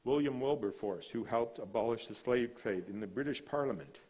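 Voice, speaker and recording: Man preaching with dramatic hushes. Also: mid-range voice, a little fast. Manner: dramatic preaching with sudden drops to a hush; storytelling, relaxed asides. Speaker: guest speaker, missionary. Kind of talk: sermon.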